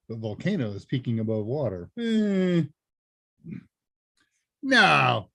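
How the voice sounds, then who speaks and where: A man's voice: on the high side, normal speed, darkish tone, dry recording, clean studio sound. A man hosting a live tech Q&A, chatting casually and rambling with chuckling asides. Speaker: host and senior instructor. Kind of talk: casual livestream Q&A chat.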